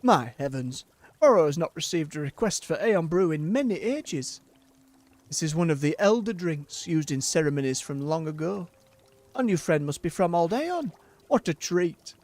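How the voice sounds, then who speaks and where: A streamer voicing a gentle, formal male creature who runs a tea shop and speaks of himself by name. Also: medium pitch, sing-song, normal speed, no echo, voice pushed up. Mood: wistful.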